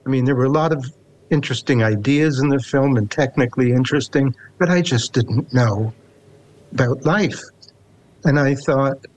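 An older man with a Canadian accent, in his seventies, talks in an unhurried, reflective way with a dry, wry edge. He speaks as a poet being interviewed and reads his own verse aloud. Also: medium pitch, a little mellow. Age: 70s. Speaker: poet guest. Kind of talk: casual interview and poetry reading.

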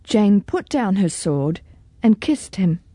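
A woman reading a children's storybook aloud in an expressive, deliberate way. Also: mid-range voice, no room sound, clean studio sound.

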